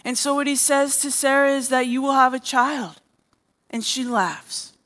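A woman's voice: high-pitched, steady tone, normal speed, a bit bright. A woman preaching a sermon as a therapist, telling a story and acting out the characters' lines.

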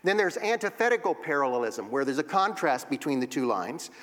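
A man's voice: on the high side, big pitch swings, brisk, fairly bright tone. A man teaching a Bible class, explaining poetry step by step and reading verses aloud. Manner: explanatory, reads verses aloud and taps out rhythms. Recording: long reverb of a hall.

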